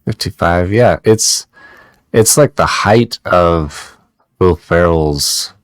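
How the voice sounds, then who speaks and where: A man's voice: sits low, slow, no echo. A man co-hosting a podcast, chatting in a loose, rambling, joking way. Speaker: podcast co-host. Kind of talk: casual podcast chat.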